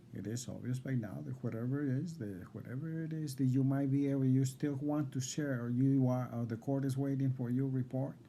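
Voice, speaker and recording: A man reading out insistent legal demands to a court evaluator, repeating himself and halting on fillers. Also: medium pitch, gravelly, warm tone, slight background noise. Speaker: defendant addressing a court evaluator. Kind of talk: confrontational legal declaration.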